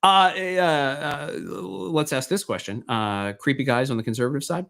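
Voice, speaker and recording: A man's voice: a little high, normal speed, creaky, a bit bright. A middle-aged man hosting a casual online talk show, chatting loosely and rambling from one thought to the next. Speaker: host. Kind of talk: casual chat.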